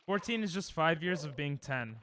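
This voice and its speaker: A man's voice: on the high side, animated, normal speed, a bit bright, a little hiss or hum. A young man streaming a game live at home into a desk mic, joking crudely and sarcastically with chat and snapping at the game in frustrated outbursts.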